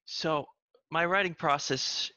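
A man, a musician, being interviewed over a video call, speaking in a measured, soft-spoken way. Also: on the high side, no echo, lo-fi sound. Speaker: musician guest. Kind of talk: casual interview.

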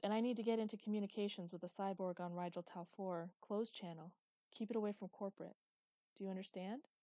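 Woman doing a serious wound-up young guy, urgent and pushy, mellow tone. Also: medium pitch, fairly even intonation, quick pace, no room sound, clean studio sound, natural voice. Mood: tense. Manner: urgent and insistent. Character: tense, serious young man, cautious.

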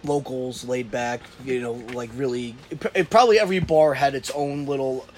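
A man's voice: mid-range voice, normal speed, slight background noise. A man co-hosting a casual podcast, rambling with lots of fillers and crude jokes. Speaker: podcast co-host. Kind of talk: casual chat.

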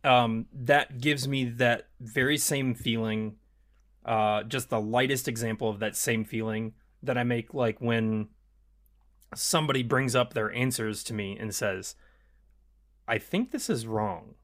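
A man who hosts trivia, thinking aloud on a podcast in halting, reflective phrases. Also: medium pitch, fairly even intonation, a bit bright. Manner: halting, reflective, restarts his sentences. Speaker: trivia host. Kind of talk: casual podcast chat.

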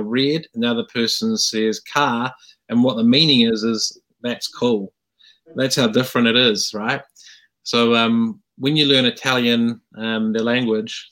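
A middle-aged man from New Zealand with a New Zealand accent, hosting a casual interview and telling a story in a lively, animated way with many fillers. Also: medium pitch. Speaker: podcast host.

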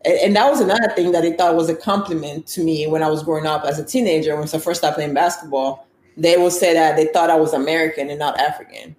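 A woman's voice: low-pitched, quick pace. A young woman from Italy, a basketball player, telling stories bluntly in a casual interview. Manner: blunt, animated, acts out quoted exchanges. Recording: echoey room with faint background noise.

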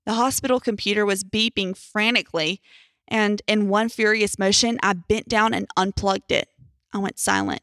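A young adult woman reading a horror story aloud in a tense, measured first-person narration. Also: medium pitch, fairly even intonation, fairly bright tone, dry recording, studio quality.

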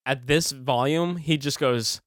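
Casting note: male podcast co-host, mid pitch, dry close sound, rambling and laughing storyteller. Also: measured pace, a bit bright, no echo. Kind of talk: casual chat.

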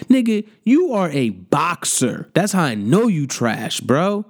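A young man ranting in a mocking, profane comedic monologue, jumping into high incredulous outbursts. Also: wildly swooping pitch, unhurried, few pauses. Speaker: comedic commentator.

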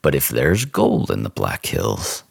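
A man voicing a stout, gruff, domineering frontier Indian agent who gives curt, menacing orders. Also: low voice, expressive, normal speed, no room sound, clean studio sound, exaggerated voice. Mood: smooth.

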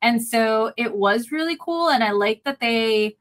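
A woman's voice: a little high, animated, a little slow, a bit bright. A woman chatting casually in a book discussion, talking loosely with lots of filler words. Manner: chatty, frequent "like" fillers, laughs often. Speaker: book club member.

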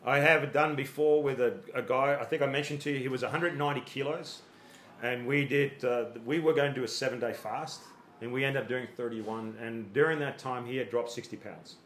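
Male coach, average pitch, analogy-heavy explainer, stumbles and repeats, echoey room with faint background hiss. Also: steady tone, brisk, fairly bright tone. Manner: explains with homely analogies and acted-out quotes; repeats words while thinking. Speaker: fitness coach. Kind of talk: podcast conversation explaining.

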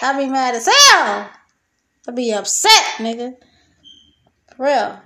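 A woman's voice: high voice, sing-song, slow, pauses often, bright, forceful tone. A young woman hosting a solo podcast, venting in a loose, profane, laughing rant from her kitchen. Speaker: podcast host. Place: home kitchen.

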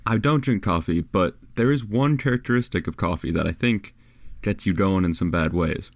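A man's voice: low-pitched, moderate pace, dry recording. A young man hosting a casual sports podcast in laid-back, easygoing banter on a close mic. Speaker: podcast host. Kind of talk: casual chat.

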